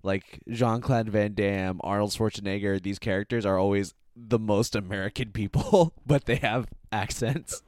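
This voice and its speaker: A man's voice: lowish voice, steady tone, moderate pace, hardly any pauses, darkish tone, no echo, clean studio sound. Giggly man rambling in podcast chat. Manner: giggly, rambling, laughs often. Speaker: podcast co-host. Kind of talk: casual chat.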